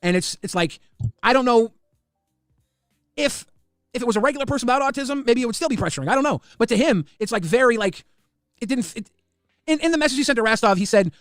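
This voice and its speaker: A man telling a story in a casual way, fast and full of repeated restarts. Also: extremely high pitch, animated, dry recording, clean studio sound. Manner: rapid, repetitive restarts. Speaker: guest recounting drama.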